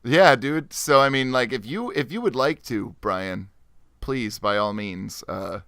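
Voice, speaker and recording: A man hosting a podcast in casual chat, low-key and mumbling. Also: lively intonation, measured pace, vocal fry, pushed and bright, dry recording. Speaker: podcast host.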